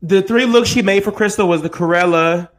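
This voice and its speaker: A man's voice: sits high, fairly quick. A man co-hosting a podcast, giving casual, playful reality-show recap commentary. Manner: animated, playful banter. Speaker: podcast co-host.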